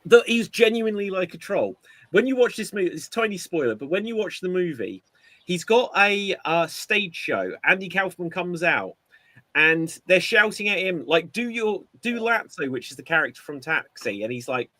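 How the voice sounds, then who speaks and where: A man co-hosting a casual podcast chat, telling an animated story and acting out quotes. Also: high-pitched, normal speed, no room sound. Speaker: podcast co-host.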